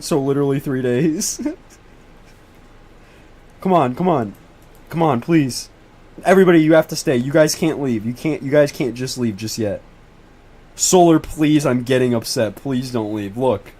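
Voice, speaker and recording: A teenage boy talks to his chat while tracking storms, begging them over and over to stay and swearing as he goes. His voice sits a little high for a guy, and he jumps into excitable bursts whenever something shows up on radar. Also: normal speed. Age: teens. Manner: pleading, whiny, repeats himself over and over. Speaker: livestream host tracking storms. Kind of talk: casual livestream commentary to chat.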